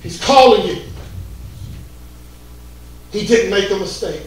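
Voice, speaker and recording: A fervent male pastor preaching a sermon in a very high voice, often breaking into shouts. He sounds distant from the mic in a strongly echoing church sanctuary. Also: takes it slowly. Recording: echoey church hall from a distance.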